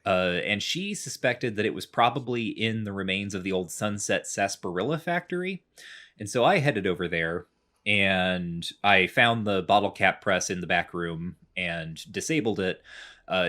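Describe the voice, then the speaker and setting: A man's voice: deep voice, bright, forceful tone. A man in casual podcast chat, rambling through a game recap with lots of fillers. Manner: rambling, many fillers, chatty explaining. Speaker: podcast co-host.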